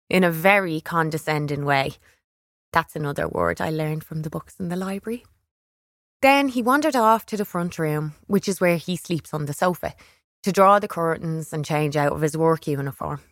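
A woman reading a first-person children's story aloud in a wry, expressive way on a close studio mic. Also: on the low side, moderate pace, no room sound. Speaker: audiobook reader.

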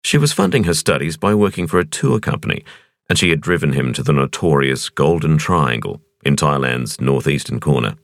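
A man reading a thriller audiobook in a measured, expressive narration. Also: extremely low pitch, creaky, no room sound, studio quality. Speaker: audiobook reader.

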